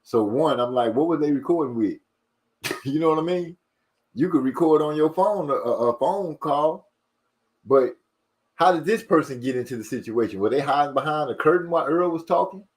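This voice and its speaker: A man hosting a casual livestream, reading viewer comments aloud and rushing and stumbling over his words. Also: on the high side, lively intonation. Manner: fast-talking, rushes and stumbles over words. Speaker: livestream host.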